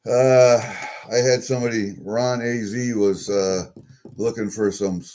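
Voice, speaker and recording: A man's voice: lowish voice, fairly even intonation, unhurried, dark tone, slight background noise. A man casually showing and talking through coins from a package he just opened, chatty and easily delighted, muttering to himself. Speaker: coin collecting vlogger. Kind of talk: casual unboxing talk.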